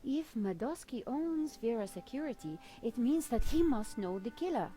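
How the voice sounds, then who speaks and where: An actress voicing a brisk, practical adult woman investigator in a video game. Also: a little high, animated, dark tone, soft background music, lightly acted. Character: level-headed female investigator, adult.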